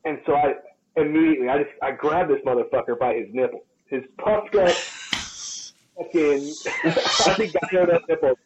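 Profane, animated male trainer telling stories. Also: on the high side, moderate pace, dull audio, noisy background. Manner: profane, animated storyteller who acts out quotes. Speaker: podcast co-host, personal trainer. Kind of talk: casual podcast storytelling.

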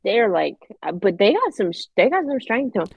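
A woman's voice: mid-range voice, sing-song, fairly quick, vocal fry, breathy edge, no room sound, dull audio. A woman from Philadelphia co-hosting a podcast in casual chat, joking crudely and laughing often. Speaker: podcast co-host.

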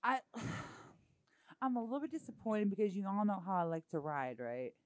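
A woman's voice: mid-range voice, very animated, normal speed, no echo. A woman chatting loosely with friends on a livestream, giggly and blunt, swearing freely. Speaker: livestream co-host. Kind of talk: casual chat among friends.

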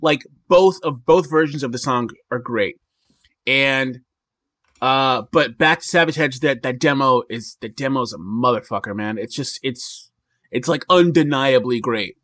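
A man's voice: medium pitch, a little slow, a bit bright, dry recording. A man talking as a podcast guest in casual chat, rambling with many fillers and restarts.

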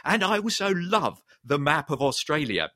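A man's voice: on the high side, big pitch swings, normal speed, pushed and bright. A man co-hosting a travel podcast, chatting in a wry way with many ums and uhs. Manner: chatty and wry, with frequent fillers. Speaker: podcast co-host. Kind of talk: casual chat.

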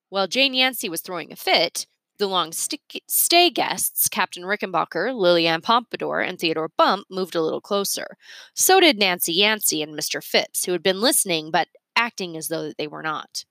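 A woman reading a children's storybook aloud with expressive, animated narration. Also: fairly low pitch, normal speed, no room sound.

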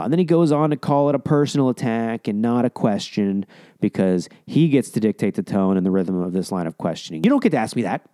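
Sarcastic, mellow-voiced man, dry close mic. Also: fairly low pitch, no room sound. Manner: sarcastic and profane, mocking. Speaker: commentator. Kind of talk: casual reaction commentary.

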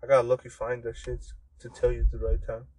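A young man in relaxed, profane chat with a friend, laughing often. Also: mid-range voice, fast, rough recording. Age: young adult. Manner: laid-back, profane, laughing. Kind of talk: casual chat.

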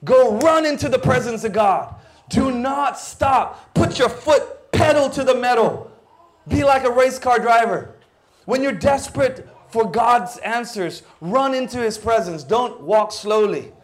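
A high-pitched Filipino man preaching with lively energy, slipping Cebuano words into his English. He keeps acting out quoted voices and swings between urgent pushes and hushed asides. His delivery is expressive and theatrical. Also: a little slow. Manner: animated, acts out quoted voices, sudden drops to near-whisper. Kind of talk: sermon.

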